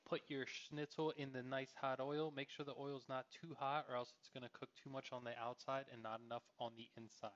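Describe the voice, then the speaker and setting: A man's voice: medium pitch, little pitch movement, a little fast, hardly any pauses, noisy background. A man giving plain step-by-step cooking instructions in a voice-over. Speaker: cooking vlogger. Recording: dull lo-fi voice-over.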